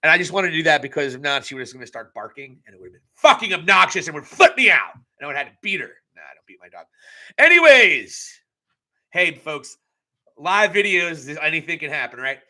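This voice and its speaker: Brief: young man, bright cutting tone, fairly high voice, blunt and crude wrestling-recap host, live casual chat. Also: expressive, fast. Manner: blunt, profane, joking asides. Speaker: wrestling show reviewer.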